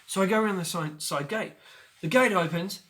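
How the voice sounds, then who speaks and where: Man in his forties, bright voice, somewhat high, animated storytelling, chatty with fillers. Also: fairly quick. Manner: animated, acts out scenes with sudden loud outbursts; chatty with frequent fillers and restarts. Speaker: show host. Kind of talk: personal storytelling to camera.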